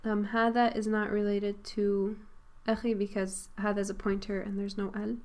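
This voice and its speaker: Woman, language student, hesitant, thinks aloud, frequent ums, mid pitch. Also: flat delivery, fairly quick, darkish tone. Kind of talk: working through grammar analysis aloud.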